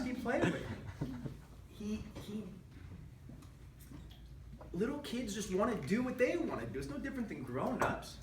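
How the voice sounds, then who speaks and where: A man giving a prepared speech to an audience, telling a humorous family story with animated delivery. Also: sits high, brisk, a crowd in the background. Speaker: public speaker. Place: meeting room with an audience. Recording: echoey room from a distant mic.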